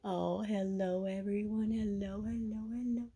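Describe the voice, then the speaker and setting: A woman's voice: medium pitch, fairly even intonation, slow pace, mellow, breathy edge. A woman who breeds kittens, talking to them in cooing, sing-song baby talk.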